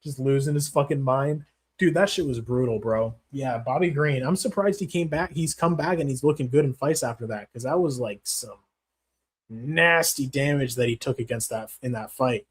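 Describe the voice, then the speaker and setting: A man's voice: medium pitch, normal speed, husky. A man hosting a casual livestream, answering chat in a profane, rambling, slangy way. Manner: profane, rambling, slangy, calls viewers bro. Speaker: MMA channel host reading live chat.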